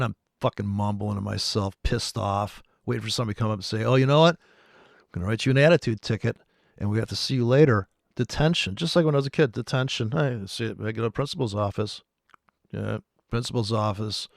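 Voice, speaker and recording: A man streaming about forex trading, ranting in a rambling, profane way with sudden loud outbursts. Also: fairly low pitch, vocal fry, dry recording, studio quality.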